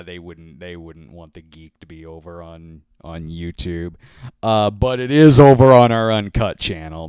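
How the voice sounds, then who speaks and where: A man's voice: low-pitched, darkish tone, clean tone, dry recording, clean studio sound. A man hosting a casual livestream chat, rambling and self-deprecating, full of fillers and restarts, talking into a handheld microphone. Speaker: host.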